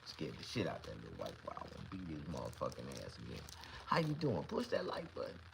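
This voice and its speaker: A man vlogging to camera, telling a comedic story in a profane, boastful, animated way. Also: rumbling low, quick pace, creaky, background noise.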